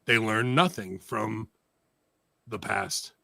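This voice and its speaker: A man's voice: on the low side, slow pace, gravelly, sharp tone, dry recording. A man hosting a talk show, ranting sarcastically with lots of profanity in casual heated chat. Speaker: podcast host.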